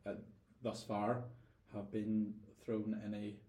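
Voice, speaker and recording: A man's voice: fairly low pitch, flat delivery, slow, warm tone, echoey room. A man with a Northern Irish accent, a guest telling stories in a casual interview, thoughtful and often repeating words as he gathers his thoughts. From Northern Ireland.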